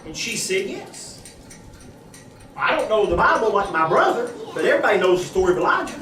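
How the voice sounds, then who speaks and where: A man telling a folksy, animated testimony at a church gathering, acting out the voices in his story. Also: high-pitched, very fast. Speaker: church member giving a testimony. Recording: echoey room, distant mic, audience noise.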